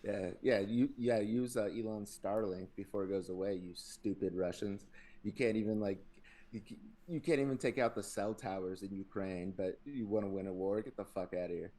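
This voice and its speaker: A man's voice: lowish voice, fairly even intonation, moderate pace, mellow. A young adult man hosting a podcast in casual chat, rambling, swearing freely and laughing often. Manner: rambling, profane, laughs a lot. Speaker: podcast host.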